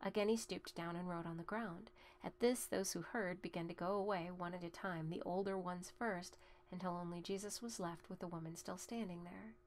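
A woman reading scripture aloud in a steady, plain voice, including verse references and notes. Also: on the low side, moderate pace, few pauses, slight background noise. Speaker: Bible reader.

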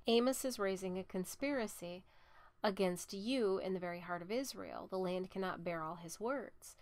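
A woman reading scripture aloud at a steady, measured pace. She drops softer on the speaker tags and rises louder for the rebukes. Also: fairly low pitch, dry recording. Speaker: scripture reader.

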